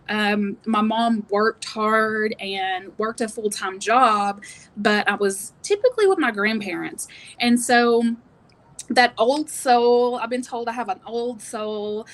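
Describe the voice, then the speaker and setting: A woman's voice: a little high, fairly bright tone. Tennessee-accented woman telling her story. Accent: East Tennessee. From East Tennessee. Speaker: guest entrepreneur.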